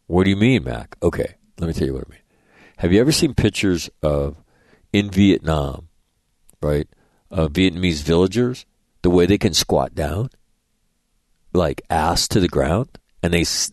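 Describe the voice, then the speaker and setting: A man's voice: low voice, no room sound. A middle-aged man hosting a radio show, telling rambling, profane anecdotes and acting out the dialogue in a casual monologue.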